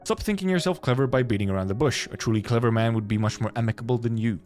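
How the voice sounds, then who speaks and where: A man's voice: medium pitch, racing, darkish tone, faint music behind, lightly acted. A man voicing a proud young official who speaks in a curt, dismissive way.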